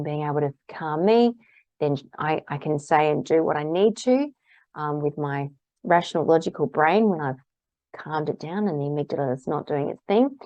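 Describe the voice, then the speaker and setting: A woman's voice: deep voice, creaky, darkish tone, dry recording, dull audio. A woman practitioner giving a casual, candid talk about tapping, acting out the phrases she repeats aloud while tapping.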